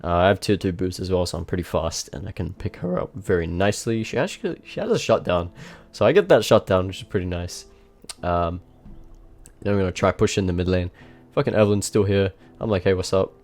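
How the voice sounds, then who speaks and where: Low-voiced man giving casual game commentary. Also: darkish tone. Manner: casual and rambling, swears often, quick restarts. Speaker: gaming video creator. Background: faint background music.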